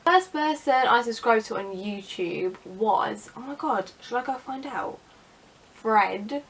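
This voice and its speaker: A woman's voice: on the high side, lively intonation, takes it slowly, fairly bright tone. A young woman chatting casually in a vlog, sarcastic and self-mocking. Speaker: vlogger.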